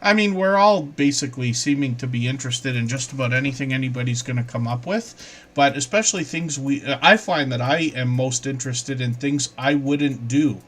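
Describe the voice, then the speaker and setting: A man's voice: medium pitch, normal speed, a bit bright. Chatty man hosting a live stream. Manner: chatty, apologetic, says pardon me often. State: lingering cough. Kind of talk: casual live stream chat.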